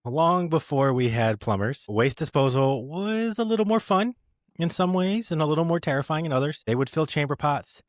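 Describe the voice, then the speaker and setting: A man's voice: on the high side, animated, normal speed, no echo, studio quality. A man co-hosting a podcast in casual chat, teasing and telling stories. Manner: playful, teasing, storytelling. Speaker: podcast co-host.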